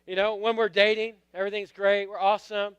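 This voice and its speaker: A man's voice: sits high, flat delivery, fairly quick, fairly bright tone, clean tone, no echo. A middle-aged man preaching a sermon, telling a story with acted quotes and calling out to the congregation. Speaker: pastor.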